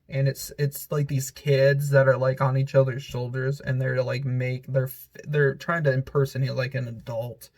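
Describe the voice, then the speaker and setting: A man's voice: medium pitch, a little mellow. A man giving a giggly, rambling casual commentary countdown as a vlogger, full of filler words.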